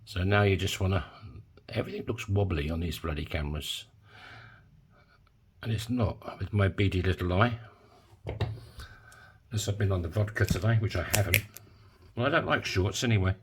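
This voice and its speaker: A man's voice: low-pitched, normal speed, pauses often, a little hiss or hum. A man talking casually while making a coin ring in his workshop, full of joking, rambling asides. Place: home workshop.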